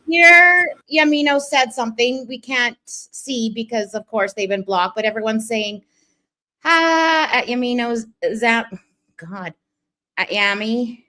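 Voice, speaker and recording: A woman's voice: on the high side, sharp tone, rough recording. A woman streaming and chatting casually as she reacts to clips, musing aloud with small laughs. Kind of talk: casual commentary.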